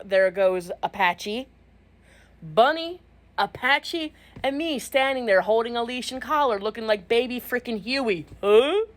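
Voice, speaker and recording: A woman tells a comic personal story, poking fun at herself with animated, punchy timing. Her voice sits a little high for a woman.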